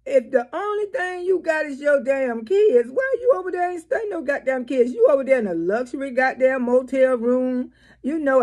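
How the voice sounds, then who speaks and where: A woman's voice: high voice, a little mellow. A woman giving blunt, profane, scolding commentary in a vlog. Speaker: vlogger.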